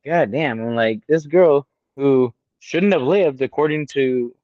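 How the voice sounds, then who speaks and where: In a mid-range voice and at an unhurried pace, a man in his late thirties tells a personal story while co-hosting a podcast. He's casual and profane, acting out other people's lines with animated quoting. The recording is dry, with no echo and the highs cut off.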